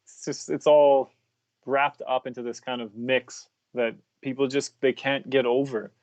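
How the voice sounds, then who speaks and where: A guest man from Canada chats casually in a medium voice. The sound is dry and close, with no room echo. He jokes a lot and is quick to agree. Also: mid-range voice, flat delivery, darkish tone, dull audio. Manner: joking, agreeable, frequent affirmations. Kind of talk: casual podcast conversation.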